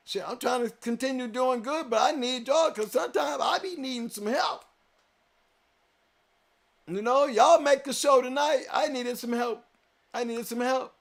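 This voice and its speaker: A man with a notably high voice holds forth on his live show, hammering his points home and repeating them for weight. He swings from loud, emphatic declarations down to low, quiet reflection. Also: gravelly. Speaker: show host. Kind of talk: live-stream chat to viewers.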